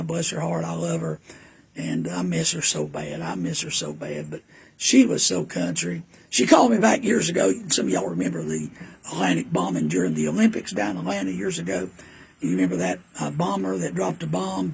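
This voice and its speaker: Older preacher, gravelly, lively pitch, rambling folksy storyteller at home. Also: male voice, slight background noise. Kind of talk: casual reminiscing monologue. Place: indoors at home.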